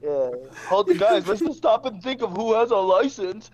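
A man's voice: sits high, expressive, moderate pace, darkish tone. A man playing a tabletop game, impatiently urging the group to get moving. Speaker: player. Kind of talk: casual chat.

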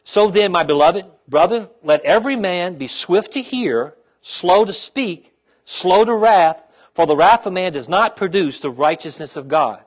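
Middle-aged pastor guy preaching, high voice, keeps asking the church "okay?" and "amen?". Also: animated, unhurried. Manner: turns quiet and heartfelt when sharing his own trials. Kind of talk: sermon.

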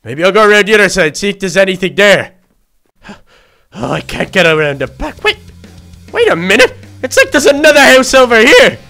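A man voicing a timid, excitable young male baby duck in a game role-play, gasping and easily frightened. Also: high voice, a little fast, creaky, faint music behind, full character voice. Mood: scared. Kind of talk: Minecraft role-play narration.

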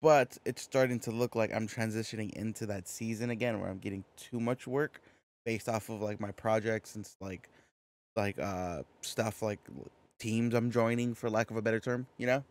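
Chatty low-voiced male podcast host. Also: steady tone, moderate pace, darkish tone. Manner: chatty, tangent-prone, filler-heavy. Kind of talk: casual podcast chat.

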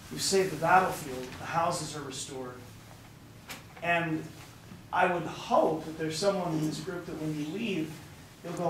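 A hoarse man leads a tour group outdoors, his voice worn but pitched a little high, and he speaks with the emphatic fervor of a preacher. He is picked up from a distance, with heavy echo and some faint noise around him. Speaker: tour guide. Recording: distant, echoey outdoor recording.

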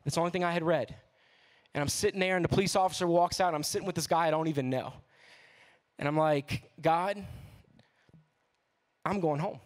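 A man's voice: on the high side, fast talker. Slangy New man telling a story. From New Orleans, USA. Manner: casual, slangy, animated storytelling. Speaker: guest speaker. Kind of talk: storytelling sermon testimony.

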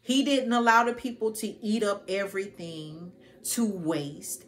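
A woman hosting a Christian finance channel speaks a little slowly in a mid-range voice with fairly even intonation, over slight background noise. Her address is warm, familiar, folksy, and preacherly as she reads scripture and prays earnestly in casual faith-based teaching.

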